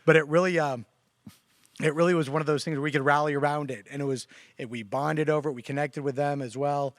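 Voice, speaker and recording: Man, slightly high voice, lively storyteller who jumps up in pitch for quotes, close dry sound. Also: quick pace, no echo. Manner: animated storyteller, quotes others with raised pitch. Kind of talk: casual conversation.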